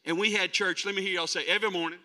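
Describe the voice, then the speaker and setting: A folksy, animated preacher in his sixties, a man from North Dakota, with a very bright, forceful edge to his slightly high voice. He keeps pulling the congregation in, asking them to answer back as he preaches. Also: very fast. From North Dakota, USA. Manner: folksy, animated, calls on the crowd to respond. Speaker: traveling preacher. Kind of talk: sermon to a congregation.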